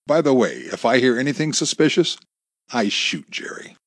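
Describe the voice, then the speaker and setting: For a storybook reading, a man plays a menacing kidnapper who mockingly taunts his victim on the phone, sarcastic and cruel. His medium-pitched delivery is sing-song at normal speed, raised above his own voice, with no echo.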